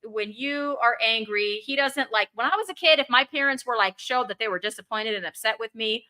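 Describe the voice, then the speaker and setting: Bright high-ish middle-aged mom telling stories, animated, acts out the quotes. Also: female voice, a little fast. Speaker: guest; mother. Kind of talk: casual chat.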